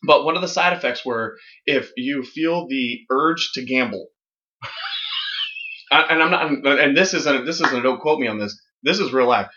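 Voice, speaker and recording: A man co-hosting a podcast, telling crude, animated jokes in casual chat. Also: medium pitch, normal speed, few pauses. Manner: animated, crude, laughing storyteller. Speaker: podcast co-host. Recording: dull lo-fi podcast audio.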